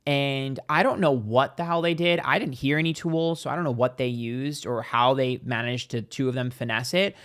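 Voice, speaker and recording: A man's voice: medium pitch, moderate pace, few pauses, fairly bright tone, smooth. A man guesting on a podcast, telling a long personal story in a chatty way, peppered with "like" and acted-out quotes. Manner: chatty, heavy use of "like", acts out quotes. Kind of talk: casual storytelling.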